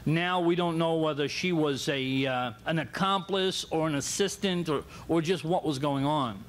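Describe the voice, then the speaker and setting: A man hosting a talk show and introducing guests in a rambling, halting way, with many pauses. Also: fairly high pitch, slight background noise.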